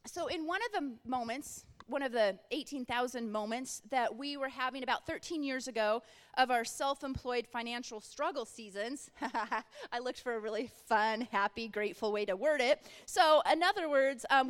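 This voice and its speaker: Middle-aged woman, high voice, earnest faith speaker with lively storytelling, recorded with long hall reverb. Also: clean tone. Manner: earnest, storytelling, acts out quoted thoughts. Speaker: Christian speaker. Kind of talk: faith-based encouragement talk.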